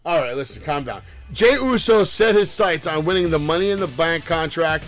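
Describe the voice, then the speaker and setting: A man's voice: a little high, lively intonation, moderate pace, a bit bright, soft background music. A man co-hosting a casual wrestling podcast, laid-back and profane, tossing questions to his partner. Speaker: podcast co-host.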